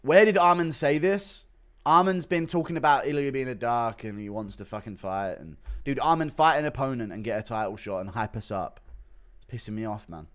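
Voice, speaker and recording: A man's voice: medium pitch, a little fast, fairly bright tone. A man streaming casual commentary, reading out donations and reacting bluntly, swearing often and rambling with lots of fillers. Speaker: streamer reacting to MMA news.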